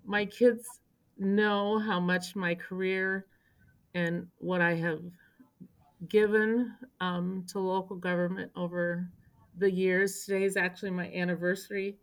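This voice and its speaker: Unhurried and fairly low-pitched, this woman in her sixties spent decades in local government. As an interview guest on an indoor podcast, she's an animated storyteller who acts out quotes and turns emotional.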